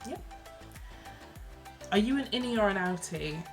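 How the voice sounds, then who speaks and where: A young woman from Birmingham with a softened Brummie accent, chatting casually through a Q&A vlog, reading each question aloud and answering with lots of ums and likes. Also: medium pitch, animated, measured pace, soft background music. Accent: Birmingham English, softened. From Birmingham, England. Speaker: vlogger.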